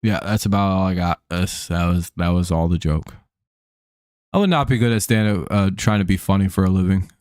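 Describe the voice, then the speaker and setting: A man with a lowish voice hosts a live stream, talking in a loose, rambling way between calls of balls and strikes. His voice sits dry and close to the mic. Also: fairly quick, darkish tone, clear, resonant tone, dry recording. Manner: rambling and offhand, calling the count. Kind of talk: casual chat while watching a baseball game.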